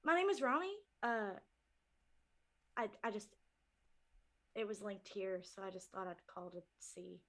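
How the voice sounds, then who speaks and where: A woman voicing a shy, hesitant adventurer in a tabletop game, speaking softly and haltingly. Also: medium pitch, very animated, voice pushed down. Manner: hesitant, halting, soft-spoken.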